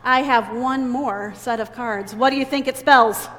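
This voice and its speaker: Woman, high voice, animated teacherly children's-sermon leader; long church-hall reverb. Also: unhurried. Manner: animated, teacherly, call-and-repeat. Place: church sanctuary. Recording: long reverb in a big church hall, faint ambient noise.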